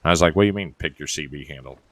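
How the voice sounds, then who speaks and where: A man's voice: extremely low pitch, very fast, no room sound. A man with a Southern accent telling rambling, wry trucking stories while chatting over a game. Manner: drawling storyteller, chatty and wry. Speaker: streamer and former truck driver. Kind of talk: casual gaming chat and storytelling.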